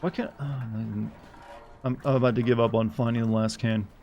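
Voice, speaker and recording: A man's voice: mid-range voice, steady tone, moderate pace, muffled recording, a little hiss or hum. Rambling, chuckling male game streamer. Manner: rambling, chuckling, fumbling over pronunciations. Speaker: streamer playing a video game. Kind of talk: casual live-stream commentary.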